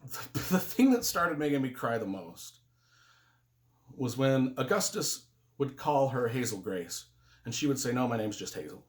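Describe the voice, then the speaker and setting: A man's voice: mid-range voice, very animated, measured pace, long pauses. A man giving a casual spoken book review, earnest and emotional, rambling with restarts. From United States.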